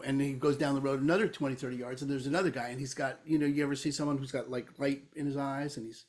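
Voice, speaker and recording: A man's voice: medium pitch, fairly even intonation, quick pace, hardly any pauses, darkish tone. A man co-hosting a podcast, telling a long parable in casual conversation with emphatic, sometimes swearing delivery. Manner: storytelling, tells a parable at length. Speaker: podcast co-host.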